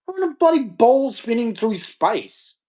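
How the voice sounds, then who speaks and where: A man's voice: extremely high pitch, big pitch swings, a little slow, mellow. A man ranting to camera in a scornful, mocking, rambling way. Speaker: vlogger. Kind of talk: casual rant to camera.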